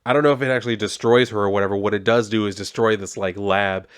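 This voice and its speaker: A young man giving a casual comic book review, rambling and relaxed with plenty of fillers. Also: on the low side, quick pace, clear, resonant tone.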